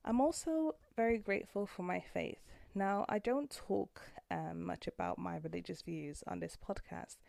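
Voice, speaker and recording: A woman's voice: lowish voice, sing-song, normal speed, vocal fry, hardly any pauses, a little mellow, dry recording. A woman in her thirties hosting a podcast from a room at home, speaking in a heartfelt, earnest way that turns emotional. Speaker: podcast host. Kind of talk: personal podcast monologue.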